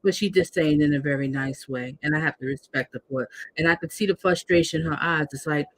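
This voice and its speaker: A woman hosting a casual commentary show, talking in an animated, emphatic way and acting out the people she quotes. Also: deep voice, fairly quick, slight background noise. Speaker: host. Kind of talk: casual commentary on trial clips.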